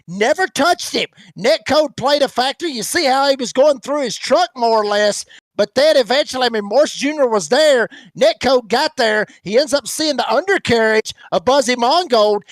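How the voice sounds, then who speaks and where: A man calling a sim truck race in an excited, drawling play-by-play. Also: extremely high pitch, normal speed, no room sound. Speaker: race commentator. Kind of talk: sim racing broadcast commentary.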